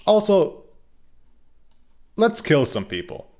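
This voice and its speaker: A man's voice: high voice, wildly swooping pitch, slow, a little mellow. A young man casually commenting on his gameplay, rambling and joking, with frequent restarts. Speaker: game streamer.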